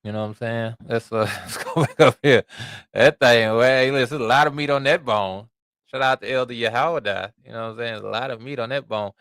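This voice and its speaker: A man hosting a podcast, reading scripture aloud and preaching in an animated, conversational way with asides to his listeners. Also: medium pitch, fairly quick, clear, resonant tone, no room sound, clean studio sound. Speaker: podcast host and Bible teacher.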